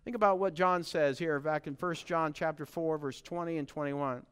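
A male pastor delivering a sermon in a church, earnest and emphatic, circling back to repeat his key phrases. His voice is clean and resonant, pitched slightly above the usual male range. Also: steady tone, moderate pace, few pauses, a bit bright, clean tone.

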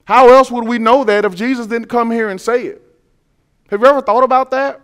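A male preacher delivers a sermon in a high-pitched, smooth, ringing voice. He speaks emphatically, repeating key phrases and putting rhetorical questions to his congregation. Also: steady tone, fairly quick.

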